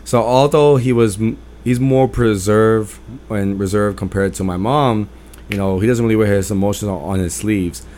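A man with a lowish voice hosts his own podcast, telling personal stories in a casual monologue. He talks loudly and with emphasis. He rambles and restarts his sentences as he goes. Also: normal speed. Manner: loud-spoken and emphatic. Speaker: podcast host.

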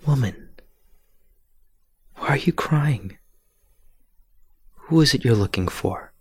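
A man voicing a gentle, kind risen teacher in a dramatic scripture retelling, speaking calmly. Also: sits low, a little slow, gravelly, husky, dry recording, full character voice. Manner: kind, calm.

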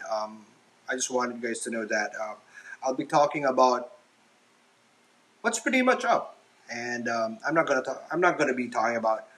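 A man's voice: medium pitch, a bit bright, low-quality recording. A man hosting a casual solo podcast from his kitchen while he washes dishes, talking hesitantly and self-consciously with many ums and restarts. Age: adult father. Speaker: podcast host. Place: home kitchen, washing dishes.

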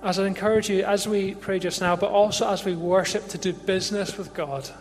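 High-voiced man, gentle preacher in hall. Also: steady tone. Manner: gentle and inviting, slow and reflective. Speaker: pastor. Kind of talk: sermon closing in prayer. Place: church service with a band. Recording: long hall reverb with music behind.

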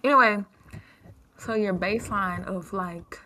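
Bright-voiced woman in rambling chat. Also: medium pitch, measured pace. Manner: rambling, animated storyteller. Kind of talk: casual chat.

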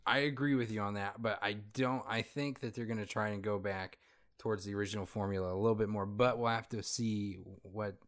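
A man's voice: on the low side, steady tone, fairly quick. A young man co-hosting a podcast in casual chat, joking and trading banter. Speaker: podcast co-host.

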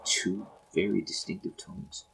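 A man narrating a horror story in first person, slow and measured. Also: lowish voice, big pitch swings, vocal fry, a bit bright, slightly rough, rough recording.

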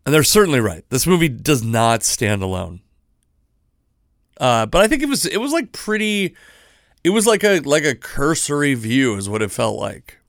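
A man in his thirties talks through his solo podcast in a loose, rambling way. He stops and restarts often and makes self-deprecating asides. His voice sits at an ordinary middle pitch, recorded dry and close with little room sound. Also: very animated, normal speed, creaky, dry recording. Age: 30s. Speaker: podcast host. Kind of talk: casual solo podcast talk.

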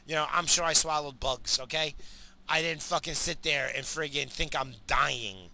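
A man's voice: fairly high pitch, normal speed, pushed and bright. A middle-aged man telling a story in a casual monologue, rambling and profane, laughing at his own tale.

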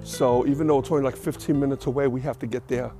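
A man's voice: medium pitch, steady tone, quick pace, dark tone, faint music behind. A man hosting his own podcast in casual solo chat, rambling and correcting himself, a little out of breath. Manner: rambling, self-correcting, chatty. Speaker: podcast host.

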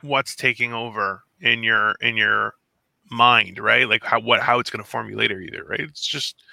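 A man's voice: lowish voice, moderate pace, gravelly, no echo. A Canadian man co-hosting a podcast, ranting and joking with lots of swearing in casual chat. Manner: animated, swearing, jokey rants. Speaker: podcast co-host.

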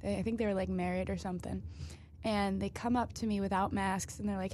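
A woman's voice: mid-range voice, fairly quick, slight background noise. A young woman in her twenties chatting casually and animatedly telling work stories. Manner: animated storytelling, acts out angry customers. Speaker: podcast host. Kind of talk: casual chat.

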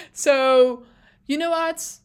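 A young woman with a slightly high voice hosts a casual podcast recap. She talks in an excitable, chatty way, swears freely and keeps restarting her sentences as her thoughts race ahead. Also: drawn-out words. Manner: self-interrupting, restarts phrases. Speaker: podcast host.

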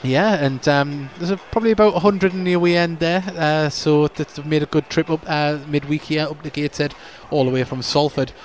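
A man talks through the teams before kick-off, in a slightly raised pitch. His delivery is chatty and unpolished, and he stumbles over names. Faint background noise sits under his voice from a stadium stand. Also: fairly even intonation, brisk, few pauses. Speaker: club podcast host and match commentator. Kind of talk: pre-match radio-style commentary.

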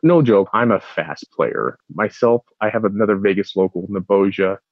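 A man's voice: fairly low pitch, normal speed, dry recording, highs cut off. A man from the United States, a guest on a podcast, telling stories animatedly and acting out quotes. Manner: animated storyteller who acts out quotes. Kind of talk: casual chat.

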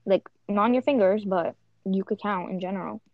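A woman's voice: medium pitch, brisk, dry recording, phone-quality sound. A young woman chatting casually with friends, rambling with lots of restarts and fillers. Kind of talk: casual chat among friends.

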